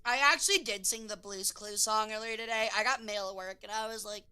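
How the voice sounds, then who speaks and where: A young woman streamer chatting casually, swearing, laughing and breaking into loud silly voices. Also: mid-range voice, brisk, clean tone.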